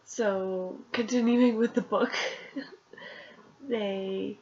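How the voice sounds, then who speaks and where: A woman's voice: medium pitch, fairly even intonation, measured pace, dull audio. Sick woman casually recapping a book. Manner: chatty, rambling, with fillers and little laughs. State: sick with a runny nose. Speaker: book reviewer recapping chapters. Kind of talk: casual spoken book summary.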